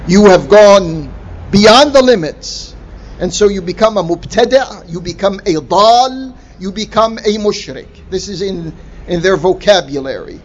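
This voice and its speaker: A man preaching a sermon in a slow, deliberate way, stressing key words with emphatic rises. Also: high voice, lively intonation. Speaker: Islamic preacher. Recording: dull lo-fi recording with faint noise.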